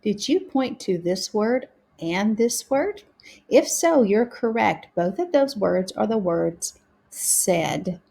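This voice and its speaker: A woman teaching a reading lesson to young learners, sounding out words slowly and carefully. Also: mid-range voice, lively intonation, gravelly, dark tone, breathy edge.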